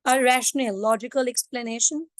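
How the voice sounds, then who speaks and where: A woman teacher lectures her class, her voice pitched a little high. She keeps asking her students questions and mixes in Hindi-Urdu words. The sound is dry, with no room echo. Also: brisk.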